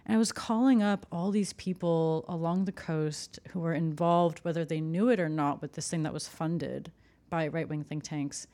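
A woman's voice: deep voice, fairly even intonation, moderate pace, mellow. A woman journalist talking casually in a conversation, full of "like" and "you know". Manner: chatty, frequent "like" and "you know".

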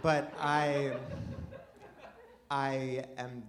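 This comedian also has a mid-range voice, but he speaks very slowly and flatly, with crowd noise around him. Performing stand-up before a live audience, he rambles self-deprecatingly, often stopping and starting over. It was recorded in a live room full of audience laughter.

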